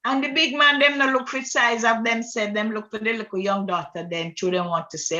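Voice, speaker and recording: A woman in a religious group discussion, affirming and testifying in a lively way. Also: a little high, fairly quick, few pauses, highs cut off. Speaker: study group member.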